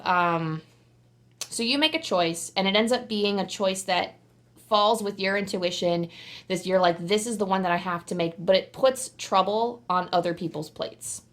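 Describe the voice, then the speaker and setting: A woman giving a casual pick-a-card tarot reading straight to camera, talking in a chatty, rambling way full of "like" fillers and sometimes bursting into excited squeals. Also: medium pitch.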